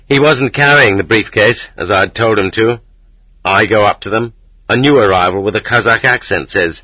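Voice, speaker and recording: Low, husky male audiobook narrator. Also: no room sound. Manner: steady, measured storytelling. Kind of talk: first-person audiobook narration. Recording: slightly dull lo-fi recording.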